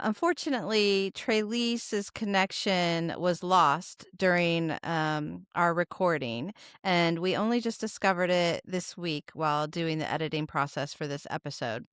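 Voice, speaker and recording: A woman podcast host with a bright, smooth, clear voice. She talks to her guest and her listeners in an easygoing, encouraging way, and the sound is dry and close. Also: on the low side, unhurried, dry recording. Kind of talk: casual interview and outro.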